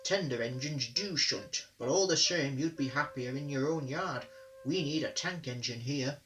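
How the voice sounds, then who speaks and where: A man's voice: medium pitch, moderate pace, a bit bright, far from the mic, faint music behind, natural voice, poor audio. Give me a man playing a stern, kindly railway boss in a storybook reading. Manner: firm, authoritative.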